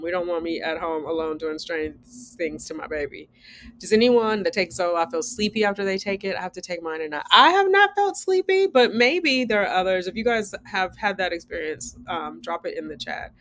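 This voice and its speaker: A woman in her forties telling a candid story to her viewers in a casual chat, animated, switching between loud outbursts and hushed asides. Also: fairly low pitch, slight background noise. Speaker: vlogger and new mother.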